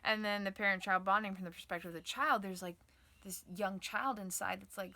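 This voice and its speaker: A woman's voice: mid-range voice, brisk, sharp tone. A woman giving an online lesson on the nervous system, explaining with many fillers and sometimes acting out inner voices. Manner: explanatory, filler-heavy with frequent "like" and "um"; acts out inner voices dramatically. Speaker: trauma and nervous-system educator. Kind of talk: online teaching video.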